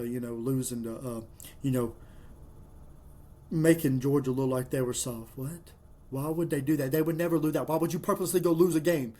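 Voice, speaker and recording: A man ranting as a fan about football rankings, exasperated and animated. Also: sits high. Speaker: sports commentator. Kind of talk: fan reaction commentary.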